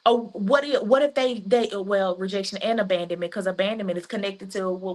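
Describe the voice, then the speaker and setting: A woman's voice: mid-range voice, a little fast, hardly any pauses. A woman with a Southern US accent giving an emphatic, repetitive live-stream coaching talk in folksy phrasing. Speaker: life coach.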